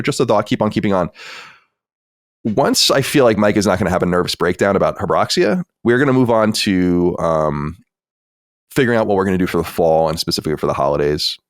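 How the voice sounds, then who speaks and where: Deep-voiced, fast, animated podcast host man. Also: no room sound, clean studio sound. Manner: blunt, opinionated, rambling with restarts. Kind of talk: casual podcast chat.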